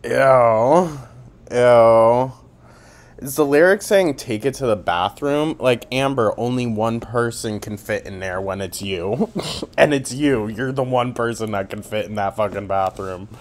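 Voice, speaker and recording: A man's voice: mid-range voice, unhurried. A man giving a sarcastic, mocking commentary, with plenty of swearing. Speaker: commentary YouTuber. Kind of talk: commentary vlog.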